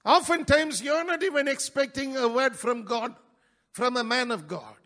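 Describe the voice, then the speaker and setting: High-voiced preaching man. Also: very animated. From India. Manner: preaching with sudden loud rises and quick asides. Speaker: pastor. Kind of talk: sermon. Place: church.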